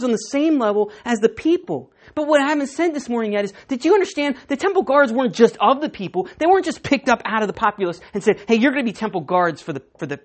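A woman pastor preaching a sermon, emphatic, often repeating words and swinging between loud and hushed. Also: on the high side.

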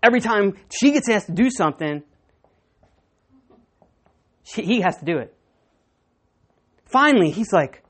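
A woman pastor preaching a sermon, telling stories and moving between hushed and emphatic delivery. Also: medium pitch, measured pace, long pauses, breathy edge. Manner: storytelling, animated, swinging between hushed and emphatic.

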